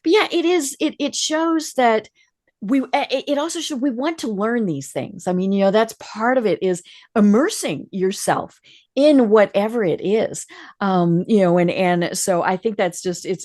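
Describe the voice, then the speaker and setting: A woman's voice: mid-range voice, moderate pace, darkish tone. A woman hosting a business podcast interview, chatting casually and murmuring agreement often. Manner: chatty, frequent affirming murmurs. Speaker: podcast host.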